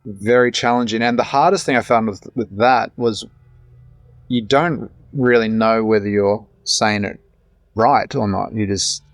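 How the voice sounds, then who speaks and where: A man's voice: lowish voice, unhurried, dry recording. A man in his thirties with an Australian accent, an actor talking in a casual, rambling podcast interview. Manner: chatty, rambling with many restarts. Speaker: actor guest.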